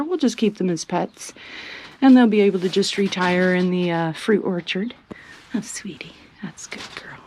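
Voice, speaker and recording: A woman chatting casually as she walks through her homestead showing the animals, sometimes cooing at them in a high sing-song. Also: mellow, dry recording. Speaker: homestead vlogger. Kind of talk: casual walking tour vlog. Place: outdoors on a homestead among animals.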